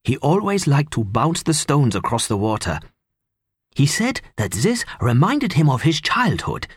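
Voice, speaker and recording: A man reading an audiobook, voicing a middle-aged German man who speaks English with a German accent, halting and quiet with emotion. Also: mid-range voice, wildly swooping pitch, slightly rough, no echo, clean studio sound, full character voice. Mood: wistful. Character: older German man, wistful, soft-spoken.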